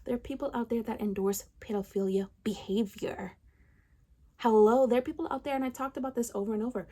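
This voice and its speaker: A woman's voice: a little high, steady tone, a little fast, mellow. A woman giving heated social commentary, emphatic and ranting, repeating phrases for effect. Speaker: commentary vlogger.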